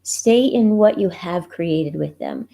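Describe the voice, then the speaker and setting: Gentle woman coach with a mellow voice. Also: lowish voice, expressive, slow, gravelly. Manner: gentle, reassuring, often asks the listener questions. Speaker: grief and relationship coach. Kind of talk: live-streamed walkthrough of resources. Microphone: computer mic, browser livestream.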